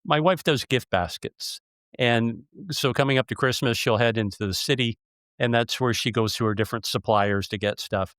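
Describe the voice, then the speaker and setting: A man's voice: mid-range voice, normal speed, fairly bright tone, smooth, no echo, studio quality. A man hosting a casual interview, telling stories with emphasis. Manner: storytelling, emphatic. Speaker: podcast host.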